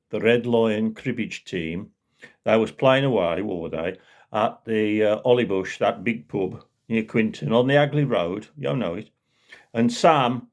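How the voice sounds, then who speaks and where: An older man with a Black Country accent telling a local yarn in a chatty way, dropping to low asides. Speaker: storyteller. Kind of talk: casual spoken storytelling.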